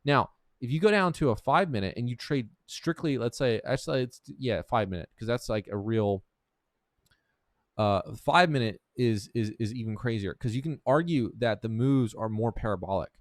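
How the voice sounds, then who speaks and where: A man's voice: medium pitch, expressive, moderate pace, no room sound. A young man teaching trading over a screen share, blunt and profane, calling the listener "dude", often restarting sentences. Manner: blunt, profane, keeps saying "dude" and "right?"; restarts and repeats words often. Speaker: trading instructor. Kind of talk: casual screen-share tutorial.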